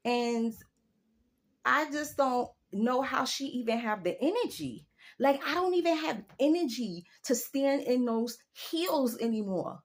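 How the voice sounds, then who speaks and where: A woman in her forties giving a casual opinion rant to her viewers, telling a story with emphatic, drawn-out delivery and big jumps in her voice. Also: high voice, expressive. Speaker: vlogger.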